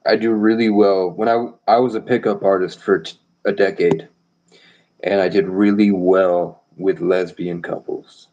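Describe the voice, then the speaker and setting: A man's voice: deep voice, fairly even intonation, measured pace, mellow, lo-fi sound. A man rambling boastfully and provocatively on a live stream.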